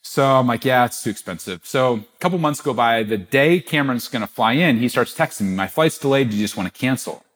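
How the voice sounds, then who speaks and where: A middle-aged man, a podcast guest, telling a business story with animated quoted dialogue. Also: mid-range voice, brisk, few pauses. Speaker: guest, gift-giving business founder.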